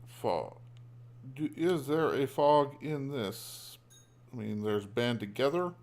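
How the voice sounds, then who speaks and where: A man's voice: medium pitch, expressive, slow, darkish tone. Man mulling over game moves aloud. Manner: thinks aloud, hesitant, many ums. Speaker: streamer playing a digital card game. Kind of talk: casual gameplay commentary. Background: background music.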